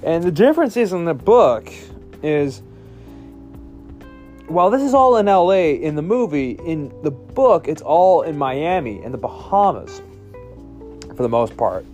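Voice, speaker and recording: A man's voice: fairly high pitch, big pitch swings, a little slow, pauses often, darkish tone, soft background music. A man casually recapping a movie's plot, rambling with lots of restarts and fillers.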